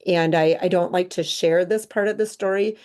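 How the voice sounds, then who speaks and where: A middle-aged woman, a podcast guest, telling a painful personal story in an earnest, halting way, full of restarts. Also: on the low side, steady tone, a little mellow.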